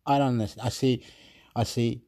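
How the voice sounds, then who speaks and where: Rambling, exasperated man, mellow voice. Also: medium pitch, fairly even intonation, a little fast. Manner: repetitive, stumbling, frequent laughs; agitated, exasperated rant. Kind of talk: rambling monologue.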